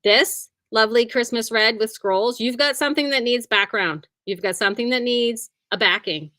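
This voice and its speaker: A woman's voice: a little high, moderate pace, bright, forceful tone, no room sound. A woman who owns a quilting shop, chatting casually and cheerfully about sales in her store, often humming and saying "like". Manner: chatty and upbeat, hums and says "like" often.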